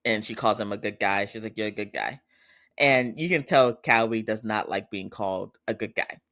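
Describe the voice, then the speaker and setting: A man's voice: fairly low pitch, moderate pace, sharp tone. A man hosting a podcast, giving a chatty casual recap and quoting characters in his own voice. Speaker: podcast host.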